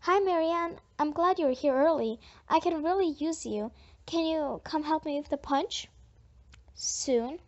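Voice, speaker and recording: A woman voicing a busy young mother who gives quick, friendly directions. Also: high voice. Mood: brisk. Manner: brisk and directing. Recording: dull lo-fi audiobook recording.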